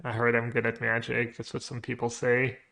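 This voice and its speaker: Male streamer, mid pitch, mutters his plays aloud and cracks jokes with chat. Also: completely flat delivery, fairly quick, creaky. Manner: muttering, trailing off quietly; joking banter with chat. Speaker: streamer playing a card game. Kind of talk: thinking aloud while playing.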